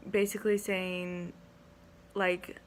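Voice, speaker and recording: A woman's voice: on the low side, level tone, slow, slight background noise. A young woman, an education student, casually telling a story in a vlog, chatty and giggly, saying "like" often. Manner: chatty, heavy use of "like", giggly.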